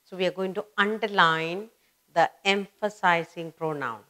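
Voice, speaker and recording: A woman with an Indian English accent teaching English grammar, repeating example phrases slowly for stress. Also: on the low side, a bit bright. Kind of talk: classroom grammar lesson.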